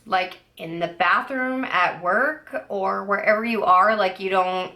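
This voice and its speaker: A woman's voice: mid-range voice, a little slow, pushed and bright. A young woman chatting casually on her book vlog, rambling with lots of "like" and "I don't know" and throwing in playful, sassy asides. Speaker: book vlogger. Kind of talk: casual chat.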